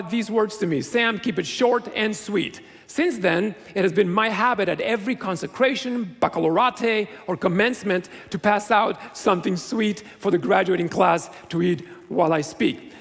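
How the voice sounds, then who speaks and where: A male pastor preaches to a graduating class, slipping in light jokes and asides to the crowd. His voice sits fairly high with a gravelly edge. It carries through the long, ringing reverb of a large church. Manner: playful, joking asides to the audience. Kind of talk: sermon.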